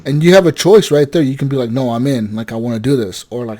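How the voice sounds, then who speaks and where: A young man on a casual gaming podcast, with a fairly high voice. He tells stories animatedly, swears freely and slips into quick impressions of the characters. It sounds like a relaxed chat among friends. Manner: animated storytelling, swearing, quoting game characters. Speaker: podcast co-host.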